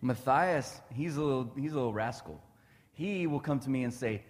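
A man's voice: mid-range voice, animated, normal speed, big-room sound. A man in his thirties giving a casual devotional talk, chatty and laughing often.

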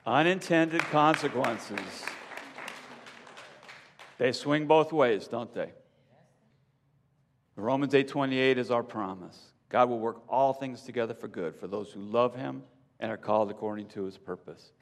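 A man preaching a sermon, reading a rhyming story in a measured tone before talking casually to the congregation. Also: medium pitch, some chatter behind. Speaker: pastor. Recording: long hall reverb.

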